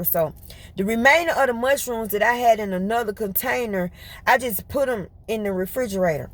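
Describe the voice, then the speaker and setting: An animated woman with a fairly high voice, chatting casually to her viewers as she tells a story. She talks fast and in bursts, slips into laughter, and keeps a loose, colloquial flow. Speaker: vlogger.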